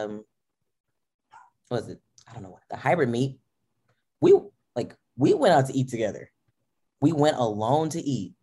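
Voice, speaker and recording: A woman's voice: a bass voice, warm tone. A young adult woman guesting on a podcast, chatting casually and animatedly, acting out her own remarks and laughing often. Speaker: powerlifter guest.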